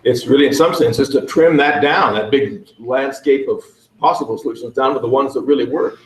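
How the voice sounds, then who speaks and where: A man presenting at a conference, asking the audience questions and speaking haltingly with many fillers. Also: medium pitch. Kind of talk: interactive conference talk. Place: conference room. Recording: echoey room.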